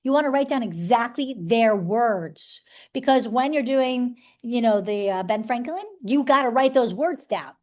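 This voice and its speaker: A woman's voice: fairly high pitch, expressive, unhurried, a little mellow. A woman teaching a live seminar to a room of people, chatty, making joking asides and often tagging "right?". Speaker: workshop presenter teaching sales skills.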